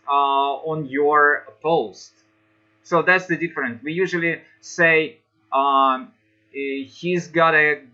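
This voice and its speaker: A man teaching an English class online, talking haltingly with many fillers and restarts. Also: fairly high pitch, bright, forceful tone. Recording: dull lo-fi online class audio.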